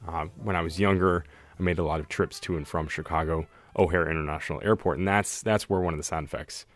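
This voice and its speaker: A man's voice: low-pitched, steady tone, fast. A man co-hosting a podcast in casual chat, laid-back and joking, with frequent hesitations. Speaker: podcast co-host.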